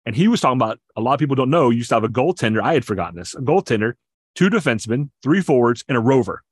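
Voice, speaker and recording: In a casual sports conversation, this male co-host speaks rapid-fire in a mid-range voice with lively intonation and a breathy edge. He explains at length with enthusiasm, stammering through frequent restarts, and the recording is dry and studio quality.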